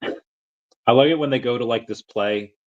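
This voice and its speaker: A man's voice: mid-range voice, a little slow. Rambling man streamer, lo-fi tablet mic. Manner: rambling, self-amused, chatty. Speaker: livestream host. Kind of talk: casual livestream chat reading. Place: empty basement room.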